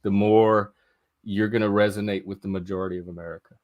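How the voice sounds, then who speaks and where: A man on a live panel chiming in with quick comments in casual chat. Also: on the low side, little pitch movement, darkish tone, no echo, lo-fi sound.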